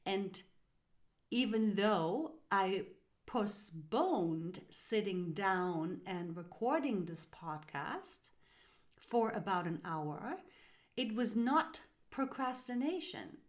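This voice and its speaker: A woman hosting a spiritual self-help podcast, talking in a slow, soothing, guiding way that sometimes drops into soft whispers. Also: medium pitch, lively intonation. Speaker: podcast host.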